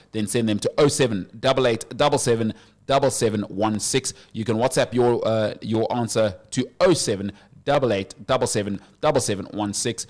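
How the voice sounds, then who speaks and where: A lively man hosting sports talk radio. His pitch sits in a middle register, and he jumps between topics with quick asides and playful banter.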